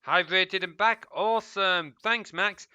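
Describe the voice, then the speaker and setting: Here a man streams a game and keeps up casual chatter, swearing at mobs and tossing muttered asides to viewers. His voice is high, sharp, and clean, and he speaks at an unhurried pace. The recording is lo-fi but has no echo.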